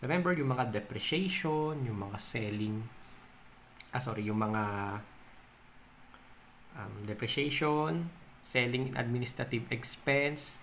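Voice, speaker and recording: A young Filipino man with a Filipino accent, teaching an accounting lesson on video. He reads definitions, then explains them with simple examples and pauses with "um.". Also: medium pitch, a bit bright, a little hiss or hum. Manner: explains in mixed Tagalog and English, reading definitions then giving examples; stretches out key terms, pausing with "um". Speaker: accounting tutor.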